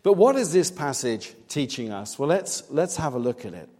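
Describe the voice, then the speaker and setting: Earnest preacher in a reverberant hall. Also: male voice, fairly high pitch, sing-song, moderate pace. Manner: earnest, emphatic, rising to loud stress on key points. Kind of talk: sermon.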